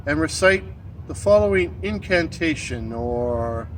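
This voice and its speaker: Gravelly-voiced man telling weird tales. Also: fairly high pitch, animated, a little slow, a little hiss or hum. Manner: theatrical, addresses listeners directly. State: head cold, gravelly voice. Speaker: storyteller and channel host. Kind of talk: reading and commenting on weird tales.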